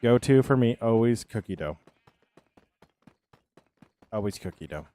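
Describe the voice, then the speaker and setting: A man's voice: medium pitch, expressive, measured pace, mellow. A man chatting casually on a live game stream, rambling and answering his viewers' chat as he plays.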